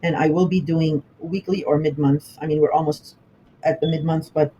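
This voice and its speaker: A man talks through a horoscope in a loose, rambling way, stopping and restarting often and laughing easily. His voice sits fairly high. A faint room ambience hums under the recording. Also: fairly even intonation, dark tone, dull audio, slight background noise. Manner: rambling, halting, many fillers and restarts. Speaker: astrologer. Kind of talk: casual horoscope talk.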